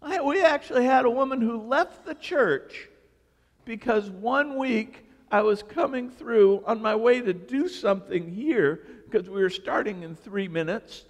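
A male pastor preaching a sermon, telling stories in an animated, joking way. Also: very high-pitched, measured pace. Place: church sanctuary. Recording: reverberant church hall.

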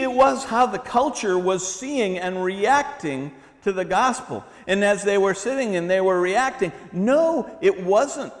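A middle-aged man preaching a sermon in a church, conversational and animated, with humorous asides. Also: a little high. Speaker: pastor. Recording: long hall reverb.

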